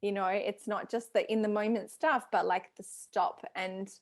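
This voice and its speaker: A woman in her thirties is a guest on a podcast and walks through her ideas in a thoughtful, easygoing way. Her pitch is middling, and her sentences are loose and full of casual fillers. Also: steady tone, moderate pace. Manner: thoughtful, explains with many fillers. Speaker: podcast guest, health expert. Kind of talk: casual explanatory chat.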